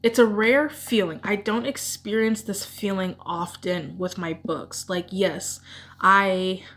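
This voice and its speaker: A woman's voice: medium pitch, fairly even intonation, takes it slowly, fairly bright tone. A woman vlogger chatting casually about her favorite books, gushing and rambling with emotion. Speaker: book vlogger. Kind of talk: casual book chat.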